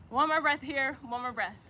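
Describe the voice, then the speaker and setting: A woman's voice: sits high, sharp tone, slight background noise. A woman guiding an outdoor yoga practice, chatty and encouraging, calling her listeners y'all. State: out of breath at times. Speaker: yoga instructor. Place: outdoors in the sun.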